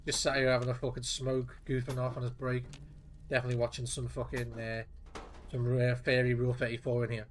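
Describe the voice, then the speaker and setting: A man's voice: mid-range voice, monotone, a little fast. A man giving casual gameplay commentary, muttering to himself in an offhand and profane way. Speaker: gameplay streamer.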